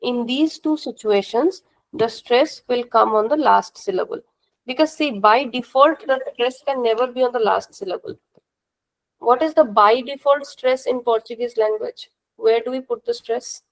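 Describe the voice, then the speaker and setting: A young woman with an Indian accent teaches a class, going over each point patiently and repeating it before asking the students a question. Her voice sits a little high and carries a noticeable gravelly fry. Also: moderate pace, low-quality recording. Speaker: language teacher. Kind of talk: classroom lesson explanation.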